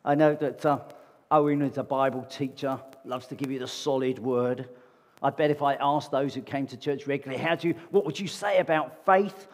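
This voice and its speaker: A man's voice: medium pitch, steady tone, moderate pace. A man preaching a sermon to his congregation in a conversational way, often asking them rhetorical questions. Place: church meeting hall. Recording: long reverb of a large hall.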